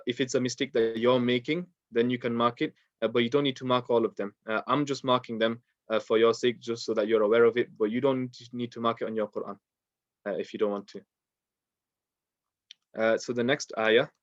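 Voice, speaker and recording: Male teacher, mid-pitched, patient and unhurried, dry close room, slightly muffled. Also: dry recording. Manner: patient, explains step by step with many fillers. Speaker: Quran tajweed teacher. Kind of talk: online lesson.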